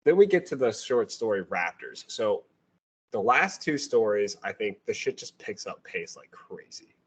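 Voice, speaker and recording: A man's voice: fairly low pitch, very animated, moderate pace, breathy edge. A man co-hosting a casual book review podcast, talking sarcastically and mimicking characters as he retells scenes. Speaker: podcast co-host. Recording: dull lo-fi audio.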